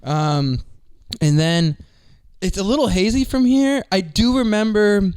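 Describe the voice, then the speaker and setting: A male comedian telling a story on a podcast in a casual, animated way, swearing often and laughing through his words. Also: sits high, a little slow, clean tone. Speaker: comedian guest.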